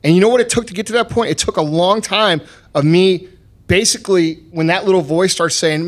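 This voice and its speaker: A man's voice: sits high, quick pace. A man hosting a podcast, talking in a blunt, profane and emphatic motivational way. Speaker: podcast host.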